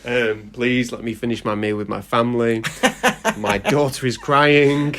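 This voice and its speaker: A man's voice: mid-range voice, takes it slowly, gravelly, a bit bright. A man playing a nervous family man at dinner who pleads in a flustered way. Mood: pleading.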